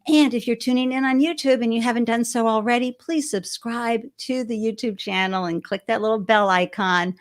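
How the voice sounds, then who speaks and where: An effusive woman hosts a live-streamed interview show, greeting her viewers by name with gushing enthusiasm. Her voice sits a little high for a woman. She talks into a webcam on a video call from a home studio. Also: steady tone, moderate pace, few pauses. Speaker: show host. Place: home studio with balloons behind.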